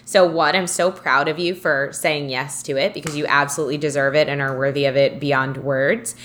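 A woman's voice: low-pitched, steady tone, a little fast, fairly bright tone. A woman co-hosting a casual podcast, talking about spiritual ideas in an encouraging way and often restarting her sentences. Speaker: podcast co-host.

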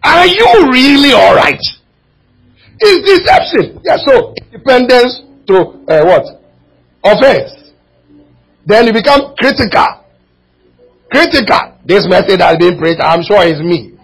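A male preacher delivering a sermon in church, his voice sitting high and a little husky. He swings between impassioned, almost shouted lines and quiet, low asides to the congregation. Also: very animated, unhurried, pauses often, rough recording. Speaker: pastor.

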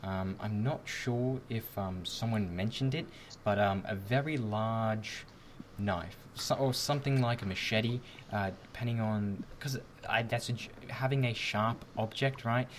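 Low-voiced Australian man musing aloud. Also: unhurried, a little hiss or hum. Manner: meandering, tag questions like "right?". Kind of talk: casual group chat.

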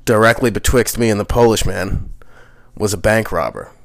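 A man's voice: lowish voice, moderate pace, gravelly. A man chatting casually on a podcast, telling profane stories and imitating the people in them. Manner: profane, animated storyteller who imitates people. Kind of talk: casual storytelling chat.

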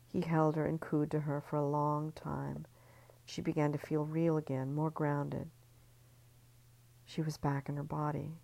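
A woman narrating a serialized story in a hushed, intimate reading. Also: low voice, level tone, a little slow, gravelly, low-quality recording. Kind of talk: scripted audiobook narration.

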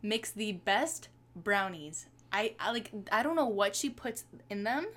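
A woman's voice: mid-range voice, lively intonation, measured pace, a bit bright. A young woman co-hosting a podcast, gushing and chatting casually with lots of filler words. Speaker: podcast co-host. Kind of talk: casual chat.

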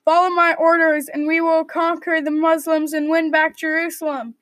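A woman reading the part of a commanding medieval king rallying his troops with a shout. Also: extremely high pitch, flat delivery, normal speed, no echo. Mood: rousing.

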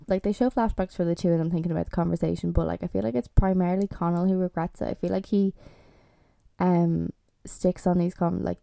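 Gravelly, chatty young Irish woman. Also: on the low side, mellow, no echo. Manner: chatty and exasperated, lots of fillers. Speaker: vlogger. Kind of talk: casual TV review chat.

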